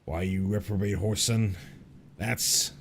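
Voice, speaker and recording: A man's voice: fairly low pitch, steady tone, slow, creaky, slight background noise. A man voicing a rowdy, crude male pirate sailor in a game, talking in salty sea dialect. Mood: scolding. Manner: salty old-sea dialect, calls people ye and laddie. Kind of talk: reading game dialogue aloud in character.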